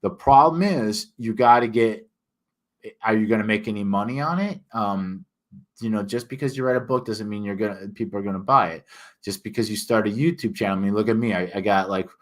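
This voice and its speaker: A man's voice: on the low side, brisk. An older man with a Northern US accent, talking emphatically in a casual ranting monologue as an author hosting a livestream. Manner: emphatic, ranting, frequent restarts and fillers.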